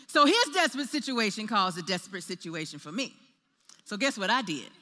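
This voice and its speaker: A woman preaching a sermon, telling a personal story in an animated way and acting out the voices in her quotes. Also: mid-range voice, a little fast, long reverb tail.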